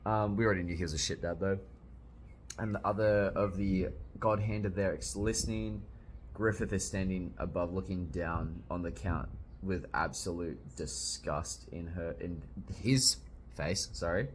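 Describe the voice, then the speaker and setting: Brief: young male reviewer, lowish voice, casual jokey read-along talk, faint room hiss. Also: steady tone, moderate pace. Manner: chatty, jokey, reacting while reading aloud. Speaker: manga reviewer.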